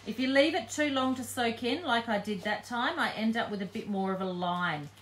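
A woman with a slightly high voice talks her viewers through a live painting tutorial, relaxed and chatty, with plenty of ums as she thinks aloud. A faint hum sits behind her. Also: moderate pace. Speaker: craft demonstrator.

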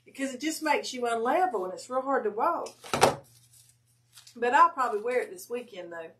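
A woman's voice: fairly high pitch, normal speed, distant mic, heavy background noise. A woman, chatting casually as a livestream guest and telling stories with a laugh at herself. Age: 50s. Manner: lively storytelling, laughs at herself. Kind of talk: casual chat.

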